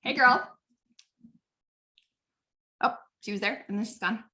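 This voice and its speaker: A woman's voice: a little high, slow, a crowd in the background. A woman coaching a live online group on network marketing, chatty and upbeat, often asking "right?".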